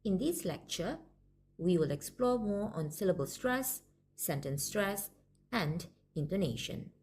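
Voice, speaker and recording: A woman lecturer giving a scripted, measured narration of a language lesson. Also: mid-range voice, sing-song, darkish tone, slight background noise. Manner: measured, explanatory.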